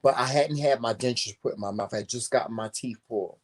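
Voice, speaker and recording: Profane, animated man telling stories. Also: medium pitch, fast, husky. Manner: animated, profane, emphatic storyteller. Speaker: talk show co-host. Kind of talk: casual storytelling chat.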